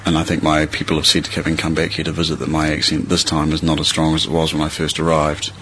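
A man's voice: rumbling low, fast, husky, poor audio. A young man from New Zealand with a New Zealand accent, reading a short passage and then chatting casually and at length, with plenty of fillers and restarts. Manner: relaxed, rambling, many fillers and restarts. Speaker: interviewee.

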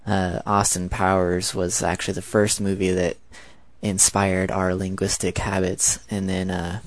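A man's voice: low voice, completely flat delivery, measured pace, dry recording. A 19-year-old man with an American accent, talking in a chatty, rambling monologue. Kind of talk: casual spoken monologue.

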